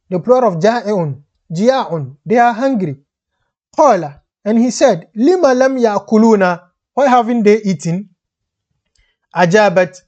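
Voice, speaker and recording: A man teaching a lesson, reading each line of a classical text quickly and then explaining it slowly and patiently in English, with many restarts. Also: high voice, a little mellow, dull audio. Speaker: Arabic teacher.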